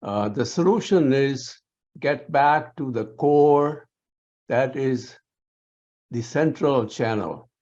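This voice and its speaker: Slow, measured man moderating. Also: mid-range voice, a little mellow, muffled recording. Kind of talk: moderating a panel.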